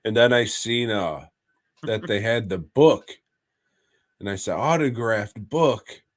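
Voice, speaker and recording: A man's voice: lowish voice, a little slow, dry recording. A man co-hosting a podcast, telling a rambling, profane story in a casual chat. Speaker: podcast co-host.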